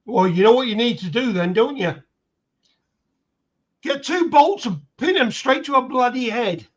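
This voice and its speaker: A man's voice: extremely high pitch, animated, moderate pace. A man co-hosting a casual live-stream chat over a video call, tossing in wry, joking asides. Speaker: co-host on a panel. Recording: dull lo-fi remote audio.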